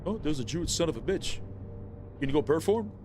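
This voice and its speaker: This man's voice is a little high, sing-song and fairly quick as he livestreams his gameplay amid background noise. Chatting casually, he playfully taunts and addresses the opposing players he battles.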